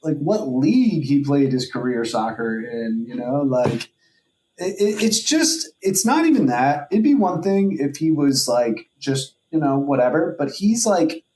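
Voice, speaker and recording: A man's voice: a little high, sing-song, measured pace, warm tone, slight background noise. A man co-hosting a podcast in casual chat. He rambles with heavy filler words and swearing. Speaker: podcast co-host. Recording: echoey room.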